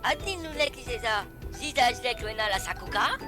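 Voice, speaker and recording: A woman's voice: a little high, animated, a little fast, music in the background, close to an everyday voice. A woman voicing a cartoon game character who babbles nonsense syllables in a bouncy sing-song. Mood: chattering.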